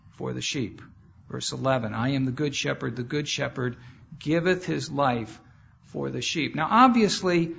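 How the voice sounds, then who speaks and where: A man preaching a sermon as a guest speaker, earnest and plain-spoken, pausing now and then to sort out his slides. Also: mid-range voice, vocal fry, a bit bright. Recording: dull lo-fi sound with faint background noise.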